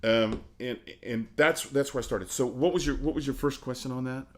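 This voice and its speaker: A middle-aged man, an opera singer, telling stories in a casual interview, animated and laughing often. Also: medium pitch, moderate pace, slight background noise.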